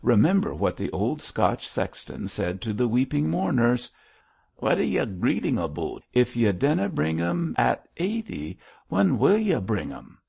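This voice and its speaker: A man voicing a lively, teasing young army captain in an audiobook, talking in a playful bantering way. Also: medium pitch, unhurried, creaky, hardly any pauses, breathy edge, highs cut off, pitched above the performer's own voice, exaggerated voice.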